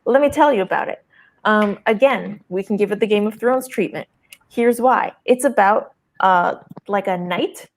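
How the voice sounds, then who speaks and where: A woman comedian on a comedy game show, making a wry, deadpan pitch with dry asides. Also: normal speed. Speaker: comedian panelist and co-host.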